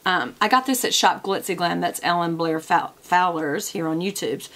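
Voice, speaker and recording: A woman's voice: on the low side, moderate pace, a bit bright. A woman, talking casually to camera from her desk as a product vlogger, chatty and wandering off on tangents.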